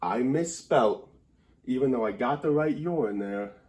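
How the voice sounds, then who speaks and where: A man's voice: medium pitch, normal speed, darkish tone. A man giving a comedic grammar lesson at a whiteboard indoors, rambling and wry in a mock-serious way.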